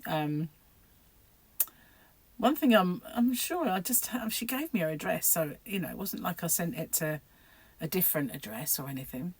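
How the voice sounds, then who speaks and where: A woman's voice: on the low side, animated, normal speed, breathy edge, no echo. A middle-aged woman vlogging about crochet in a rambling, chatty way, laughing often. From United Kingdom. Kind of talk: casual chat to camera.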